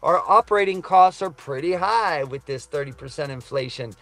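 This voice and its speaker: Middle-aged trucker streamer, gravelly voice, casual and earnest, faint music behind. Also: male voice, a little high, lively intonation, normal speed, hardly any pauses, a bit bright. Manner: rambling, earnest, says man and brother a lot. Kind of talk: casual live stream chat reading comments. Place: truck cab.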